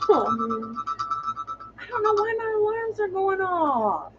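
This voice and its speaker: A woman hosting a casual livestream, high-pitched and very animated, her voice leaping up and down as she rambles and laughs. The stream audio is dull and lo-fi, with a faint hiss underneath. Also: takes it slowly, loud music behind the voice. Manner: chatty, rambling, laughs often, exclaims. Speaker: channel host.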